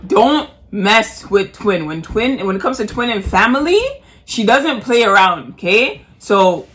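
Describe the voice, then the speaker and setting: A woman's voice: medium pitch, lively intonation, a little slow, a bit bright. A woman co-hosting a podcast, retelling a story in a casual, emphatic way and repeating phrases for effect. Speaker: podcast co-host.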